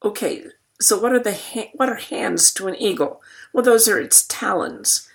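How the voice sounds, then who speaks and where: Her voice is mid-range as this woman teacher reads poetry slowly and deliberately during a recorded lecture. She is losing her voice and clears her throat along the way.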